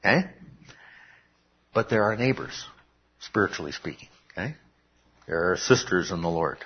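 In a church, a male pastor preaches a sermon, peppering it with "okay?" and rising to emphatic shouts. His low voice is expressive and breathy at normal speed, though the recording is muffled.

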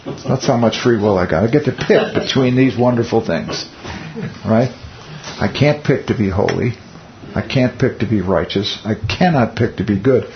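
A man's voice: on the low side, lively intonation, moderate pace, gravelly. Man teaching a Bible study, wry. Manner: rhetorical questions and wry asides. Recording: muffled lo-fi recording with faint hiss.

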